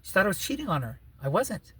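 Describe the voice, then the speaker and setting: A man's voice: high voice, very animated, fast, fairly bright tone, breathy edge. A man rambling through a personal story in a casual vlog, full of "you know" and "right", with wry laughing asides. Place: living in his vehicle.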